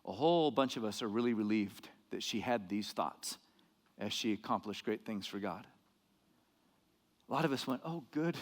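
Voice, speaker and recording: A man preaching a sermon as pastor, dramatic and lively, acting out quoted lines and getting louder for emphasis. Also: moderate pace. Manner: dramatic, acts out quoted lines, rises in pitch and volume for emphasis. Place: church hall. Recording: long hall reverb.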